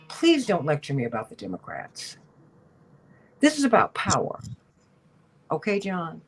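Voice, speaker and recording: A woman's voice: lowish voice, a little hiss or hum. A woman from Chicago hosting a talk radio show, speaking emphatically and passionately. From Chicago, USA.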